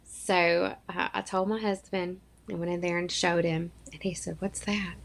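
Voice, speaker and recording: A woman in her thirties, from Arkansas, tells a deeply personal story as a podcast guest. Her voice sits fairly low and has a gravelly, creaky texture. She talks earnestly and acts out the words of the people in her story. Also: level tone, moderate pace. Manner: earnest, emotional storytelling with acted-out quotes.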